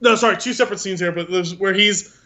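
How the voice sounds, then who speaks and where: A man co-hosting a podcast in casual chat, animated and acting out movie scenes in funny voices. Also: high-pitched, fast talker. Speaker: podcast co-host.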